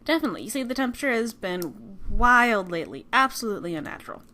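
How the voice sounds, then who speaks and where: A woman's voice: on the high side, lively intonation, fast talker, bright, forceful tone. A woman reading the lines of a laid-back male cowboy gunslinger in a game, casual and joking. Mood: teasing.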